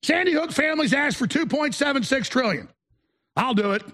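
A man hosting a talk show, ranting to viewers in a combative, mocking way, breaking into shouts and stammering restarts when worked up. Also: extremely high pitch, lively intonation, fairly quick.

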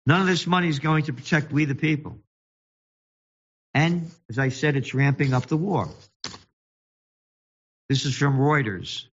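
A man hosting his own show, delivering indignant, mocking political commentary that alternates rapid reading with slow, emphatic jabs. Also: on the high side, a bit bright, muffled recording. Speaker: show host and magazine publisher.

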